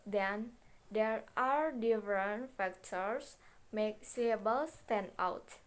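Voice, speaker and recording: A young adult woman, a native Indonesian speaker, carefully reads a class presentation as a student presenter. Her mid-range voice moves slowly, with restarts and self-corrections.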